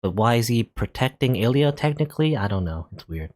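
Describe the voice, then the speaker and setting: A man's voice: medium pitch, lively intonation, fairly quick, a little mellow, no echo. A young man hosting a let's play, reading a visual novel aloud and musing over it, often hedging as he thinks aloud.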